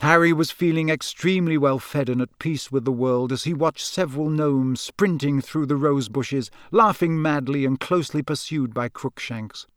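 A man narrating a novel in an even, measured manner. His voice sits a little high. The recording is close and dry. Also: dry recording. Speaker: audiobook narrator. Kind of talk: scripted narration.

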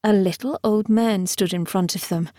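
A woman reading a novel aloud as narrator in a measured, expressive storytelling manner. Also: mid-range voice, no room sound, clean studio sound. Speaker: audiobook narrator. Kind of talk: scripted narration.

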